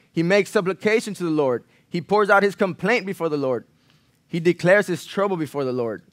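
A man preaching a sermon in a church, earnest, repeating phrases for emphasis, rising loud on key lines and falling quiet after. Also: dry recording, clean studio sound. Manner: earnest, swells louder on key lines then drops low. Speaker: pastor.

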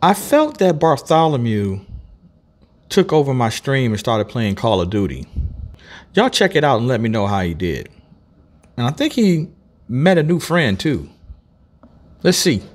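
A man giving a casual, loud, laid-back intro to his game stream. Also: medium pitch, big pitch swings, unhurried, long pauses.

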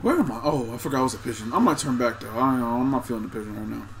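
A young man casually commenting on his own gameplay, excitable and trash-talking the other players. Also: mid-range voice, very fast. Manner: excitable, talks to himself and chat, trash-talks players. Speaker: gaming streamer.

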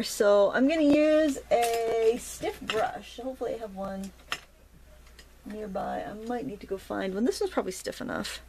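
Middle-aged woman, Maine accent, slightly gravelly, chatty art teacher, casual and playful. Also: a little high, background noise. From Maine, USA. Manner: chatty, self-talking while painting, playful asides. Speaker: watercolor instructor. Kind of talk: casual painting tutorial.

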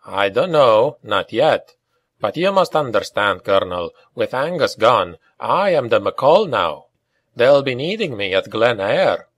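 A man voicing a big, earnest Scottish male officer with a deep, gruff voice in an audiobook reading. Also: sing-song, unhurried, a bit bright, no echo. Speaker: mercenary major.

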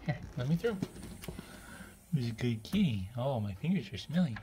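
A cat owner filming and talking to their pets in a cooing, affectionate voice with soft laughs. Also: mid-range voice, sing-song, normal speed, long pauses, a little hiss or hum. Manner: cooing, affectionate pet talk.

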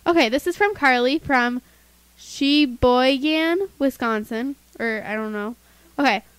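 A teenage girl with a high voice chats her way through listener emails on a kids' podcast, breaking off with giggles and asides. The sound is close and dry, with no room around it. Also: a little slow, clean tone, no room sound, poor audio. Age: teens. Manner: chatty, giggly, reads emails aloud with asides. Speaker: co-host reading listener emails. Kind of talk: casual podcast chat.

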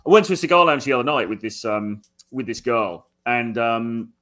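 A man with a mid-pitched voice chats casually as a podcast guest. He agrees readily and often backs up to restart his sentences. His delivery stays relaxed and unpolished. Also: moderate pace. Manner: easygoing, frequent agreeing murmurs, hesitant restarts. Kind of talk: casual conversation.

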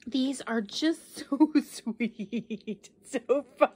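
A woman's voice: on the high side, animated, drawn-out words, hardly any pauses, darkish tone, husky. A middle-aged woman vlogging an unboxing, gushing, gasping and laughing as she talks to her viewers. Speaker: doll channel vlogger. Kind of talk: casual unboxing vlog.

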